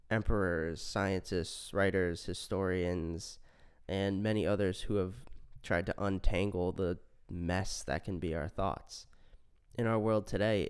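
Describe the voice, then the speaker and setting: A man hosting a solo science podcast, stuffy from a cold, explaining in a relaxed, conversational way. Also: low-pitched, clean tone. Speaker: podcast host.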